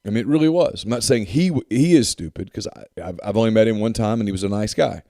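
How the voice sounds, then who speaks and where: Emphatic low-voiced man talking sports. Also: fast, mellow, dry recording, studio quality. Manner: emphatic, repeats himself for effect. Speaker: podcast co-host. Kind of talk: casual sports talk.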